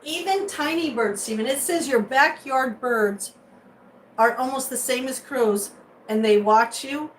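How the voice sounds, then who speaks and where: A woman vlogger chatting casually with viewers from her kitchen, rambling and animated, breaking into high excited squeals. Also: a little slow, slight background noise, rough recording. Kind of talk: casual live chat. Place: home kitchen.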